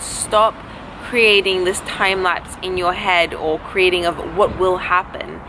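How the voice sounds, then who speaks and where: A young woman, a vlogger and recovery coach, offers frank, encouraging advice in a chatty vlog, swearing now and then. Her mid-range voice has fairly even intonation at a moderate pace, recorded outdoors by a road with faint traffic behind.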